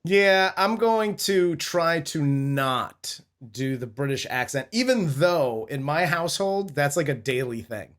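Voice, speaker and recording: A man's voice: fairly high pitch, lively intonation, measured pace, few pauses, a bit bright. A man hosting a movie review podcast in a laid-back, joking casual chat. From United States. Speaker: podcast host.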